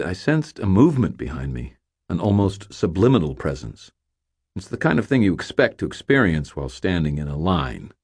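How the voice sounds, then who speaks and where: A man's voice: deep voice, breathy edge. A man narrating a first-person story in audiobook style, with dry, wry humor.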